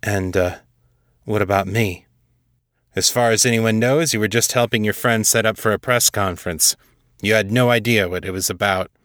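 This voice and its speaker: A man reading a dramatic story aloud as narrator, voicing all the characters himself in a steady storytelling manner. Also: lowish voice, no echo, clean studio sound. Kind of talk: scripted audiobook narration.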